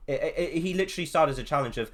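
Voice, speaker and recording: An English man judging an art contest rambles through anecdotes in a casual group chat, restarting often. His voice is on the high side, expressive, a bit bright and rapid-fire.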